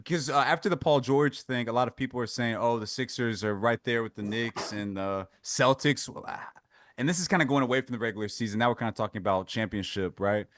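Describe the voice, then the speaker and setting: A man's voice: mid-range voice, fairly quick, fairly bright tone, no room sound. A man hosts a casual sports talk, questioning his co-hosts and steering the debate. His voice sits in a middle range. The sound is dry and close, with little room in it. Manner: pushes back, steers the talk, asks others in. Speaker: podcast host.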